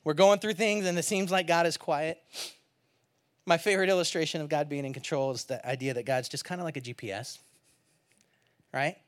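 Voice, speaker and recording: A man preaching a sermon in a conversational, animated way, swinging from hushed near-whispers to loud emphatic bursts and asking rhetorical questions. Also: on the high side, fairly quick, clean tone. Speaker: pastor.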